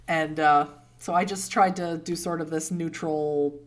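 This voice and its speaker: A woman with a Boston accent, from Boston, hosts a laid-back livestream where she answers chat, drifting between topics and laughing plenty. Her voice sits low, with fairly even intonation and an unhurried pace.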